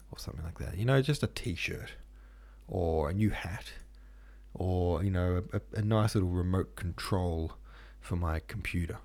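A man's voice: sits low, gravelly, a little mellow. A man hosting a podcast, reading a classic novel aloud and chatting casually afterwards with joking asides. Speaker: podcast host and reader.

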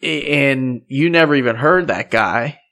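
A man's voice: mid-range voice, a little slow, vocal fry, fairly bright tone. A man, a podcast host chatting casually and laughing often. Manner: laughs often, friendly commentary. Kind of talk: casual chat.

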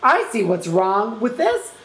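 A woman's voice: mid-range voice, wildly swooping pitch, measured pace, fairly bright tone, echoey room, pitched below the performer's own voice. A woman voicing a giddy, eccentric hat-maker with theatrical giggles.

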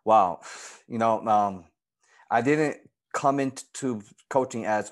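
A man, a girls' softball coach, telling his personal story in an interview in an earnest, emotional way. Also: slow pace. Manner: earnest and emotional, lively pitch swings when retelling moments.

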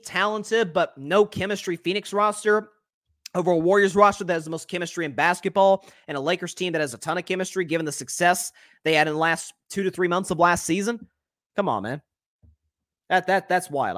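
Animated man in sports commentary. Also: a little high, no room sound, clean studio sound. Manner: animated, with frequent repeated words and restarts. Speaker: podcast host. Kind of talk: solo sports commentary podcast.

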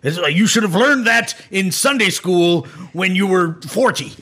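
A man's voice: high-pitched, lively intonation, moderate pace, bright, forceful tone, breathy edge, exaggerated voice. A man voicing a stern male dwarf god who talks like a pirate and lectures his priest. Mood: scolding. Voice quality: pirate-like growl. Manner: scolding, preachy, calls others lad and son.

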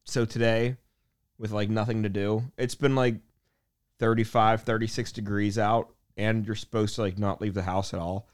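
A man's voice: on the low side, flat delivery, moderate pace, clean tone. A married man co-hosting a podcast, chatting in a wry, sheepish, casual way. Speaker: podcast co-host.

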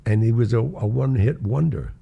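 This older man's voice is mid-range, creaky and husky, and he talks briskly, though the audio is dull. He casually shares show-business stories, performing the voices of the people in them and frequently laughing.

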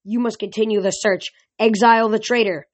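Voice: medium pitch, fairly even intonation, a little fast, natural voice. A reader voicing a stubborn, indignant elderly male satyr elder in an audiobook. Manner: indignant, bellowing.

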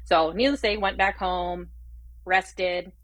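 A woman in her thirties, a pharmacist and podcast guest, telling her personal birth story in an earnest, animated way. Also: lowish voice, slow pace, no room sound.

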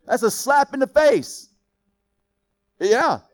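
Lively, joking male preacher, high voice. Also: slow pace. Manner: lively, joking, quizzes the congregation. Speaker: pastor. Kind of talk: sermon.

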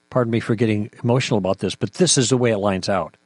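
A middle-aged man co-hosting a talk show, arguing with forceful indignation and rhetorical questions. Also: on the low side, very fast, hardly any pauses, no room sound. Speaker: podcast co-host. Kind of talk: impassioned apologetics talk.

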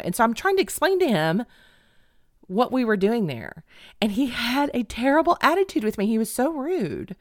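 A middle-aged woman telling a funny personal story in an animated, dramatic, self-mocking way. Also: a little high, moderate pace, no room sound, studio quality. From Texas.

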